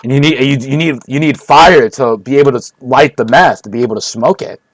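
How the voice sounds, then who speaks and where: A man's voice: medium pitch, fairly quick, dry recording. Rambling man with dry close mic. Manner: rambling, repetitive, mock-serious. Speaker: streamer. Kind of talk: rambling comedic monologue.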